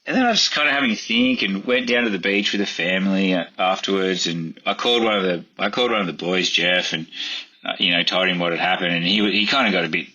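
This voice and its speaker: A man's voice: fast talker, sharp tone, husky, highs cut off. A middle-aged man telling a story casually in an interview, rambling with many fillers and acting out quotes. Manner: rambling, lots of fillers, acts out quotes in a higher voice. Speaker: chef and podcast guest.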